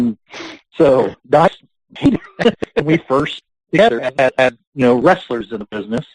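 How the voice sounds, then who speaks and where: A man's voice: medium pitch, sing-song, slow pace, long pauses, dry recording, low-quality recording. A man being interviewed on a podcast, telling long rambling stories and laughing between them. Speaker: guest, pro wrestler. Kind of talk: casual podcast interview storytelling.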